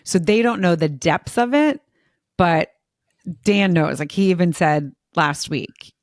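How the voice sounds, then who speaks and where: A woman's voice: on the low side, measured pace, dry recording, clean studio sound. A woman in her forties, a mother and podcast co-host, chatting in an open, emotional way and laughing often. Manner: talkative, expressive, laughs often. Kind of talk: casual emotional chat.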